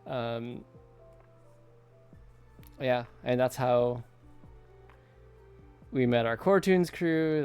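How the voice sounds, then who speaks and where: Gravelly-voiced man chatting on a stream. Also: mid-range voice, a little mellow. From United States. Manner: chatty, laughs often, rambling. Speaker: artist streamer. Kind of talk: casual livestream chat while drawing. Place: home studio at night.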